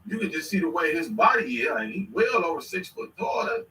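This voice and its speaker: A man's voice: sits high, very animated, brisk, sharp tone. A man casually reacting to clips on a stream, rambling and slangy with sudden bursts of laughter. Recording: echoey room, mic at a distance.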